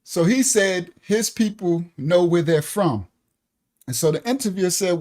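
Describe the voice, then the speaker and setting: A man hosting a live stream, giving casual reaction commentary, animated and laughing often as he talks. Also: high voice, unhurried.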